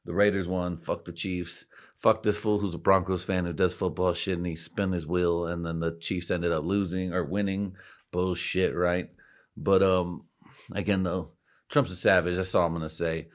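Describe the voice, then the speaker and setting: A man's voice: sits low, level tone, normal speed. A man hosting a podcast, rambling in a casual, profane way and laughing at his own jokes. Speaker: podcast host.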